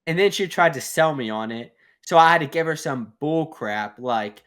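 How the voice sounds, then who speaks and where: A young man chats on a casual podcast, spinning a long anecdote and cursing as he goes. His voice sits a little higher than most men's. He laughs at his own stories. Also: lively intonation, moderate pace, a bit bright, smooth. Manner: rambling storyteller, swears freely, laughs at own stories. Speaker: podcast co-host. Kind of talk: casual chat.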